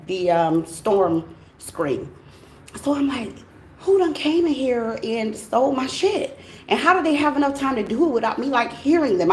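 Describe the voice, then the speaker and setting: A woman's voice: fairly low pitch, a little hiss or hum. A woman telling a story casually to her viewers, laughing, swearing and acting out what people said. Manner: animated, swearing, laughing storyteller who acts out dialogue. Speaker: tarot reader and channel host. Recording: echoey room.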